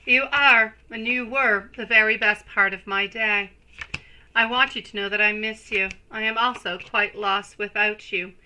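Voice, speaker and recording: A woman hosting a live tarot reading stream, speaking slowly and affectionately to her viewers. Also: medium pitch, fairly even intonation, sharp tone, poor audio. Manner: slow, soothing, affectionate toward viewers.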